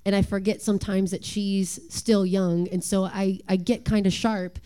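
A woman's voice: mid-range voice, little pitch movement, normal speed, smooth. A woman in her thirties, a worship leader hosting an earnest, confessional church talk about parenting. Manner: earnest, confessional, with gentle laughs.

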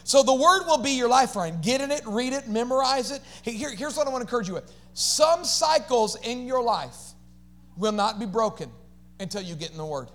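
High-voiced, animated man preaching. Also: fairly quick. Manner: animated preaching with call-and-response to the congregation; casual slangy asides. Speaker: pastor. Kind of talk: energetic sermon.

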